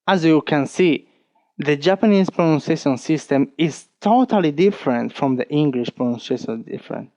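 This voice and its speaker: A man with an Italian accent, teaching an online lesson, talking slowly and patiently and counting strokes aloud. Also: a little high, lively intonation, darkish tone, dry recording, muffled recording. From Italy. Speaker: language teacher.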